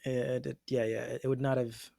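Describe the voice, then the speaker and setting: A man's voice: medium pitch, flat delivery, normal speed, creaky, dark tone, dry recording, studio quality. A man co-hosting an anime discussion podcast, musing hesitantly and restarting his thoughts in casual chat.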